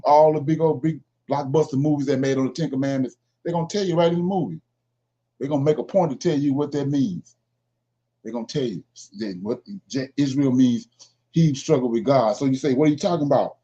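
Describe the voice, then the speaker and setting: A medium-pitched man with a dark tone talks a little fast as he leads an informal Bible study. He reads scripture aloud, explains it with emphasis, and keeps asking "right?" on a dull lo-fi recording.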